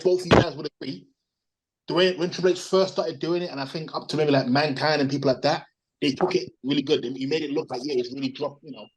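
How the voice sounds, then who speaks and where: Male co-host, opinionated, rambling, fairly high voice. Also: slight background noise, rough recording. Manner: opinionated, rambling, searches for words. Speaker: podcast co-host. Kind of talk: casual wrestling opinion chat. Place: resting at home.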